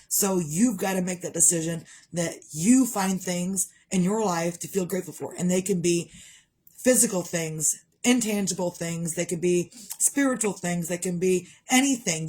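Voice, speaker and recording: Chatty low-voiced woman vlogger. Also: a little mellow. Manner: chatty, rambling, laughs at her own jokes. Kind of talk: casual daily gratitude vlog.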